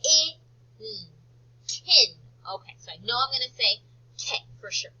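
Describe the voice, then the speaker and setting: A woman teacher leading a slow phonics lesson for young children, stretching out words for them to repeat and praising them often. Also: mid-range voice, sharp tone, husky, dull audio. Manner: slow, drawn-out word modelling and encouraging praise.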